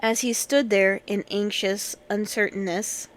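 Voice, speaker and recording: A woman reading a classic children's novel aloud in a measured storytelling manner. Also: medium pitch, fairly even intonation. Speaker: audiobook reader.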